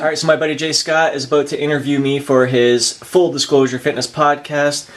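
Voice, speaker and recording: A man's voice: on the high side, little pitch movement, fairly quick. A middle-aged man vlogging his day and explaining exercises in a casual, upbeat way, with frequent fillers. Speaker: fitness vlogger. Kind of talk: casual vlog and exercise instruction. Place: home office, then a gym.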